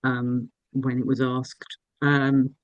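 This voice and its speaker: A woman's voice: rumbling low, completely flat delivery, slow, no echo, muffled recording. A woman fan being interviewed, chatting enthusiastically about meeting an actress. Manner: enthusiastic, gushing. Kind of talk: casual interview chat.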